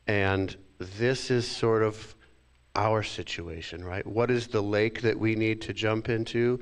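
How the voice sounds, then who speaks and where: A man's voice: fairly low pitch, steady tone, slow, smooth. A male minister giving a reflective sermon, sometimes acting out inner thoughts with sighs.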